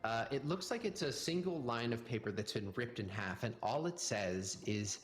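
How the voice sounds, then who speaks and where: A man narrating as game master of a tabletop game, with lively, playful narration. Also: mid-range voice, normal speed.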